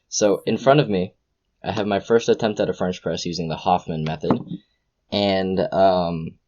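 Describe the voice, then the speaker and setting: A young man hosting a casual podcast chat, an excitable storyteller who gushes with exclamations. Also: low-pitched, normal speed, muffled recording. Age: young adult. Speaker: podcast host.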